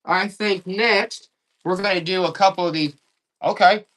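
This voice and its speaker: Pitched high and paced moderately, a man sells goods over a live auction stream. He pumps up each item and speaks to the people watching, all in an excited, hype-driven sales voice.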